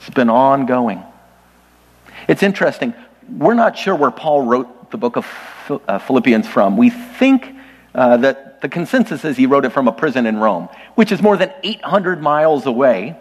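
A man's voice: fairly high pitch, breathy edge, big-room sound. A man preaching a sermon to his congregation, conversational and lightly humorous, often speaking straight to the listeners. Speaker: pastor. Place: church sanctuary.

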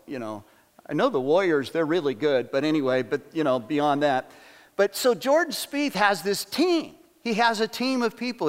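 A male pastor preaching a sermon in a conversational way, often putting questions to the congregation. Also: on the high side. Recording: long hall reverb.

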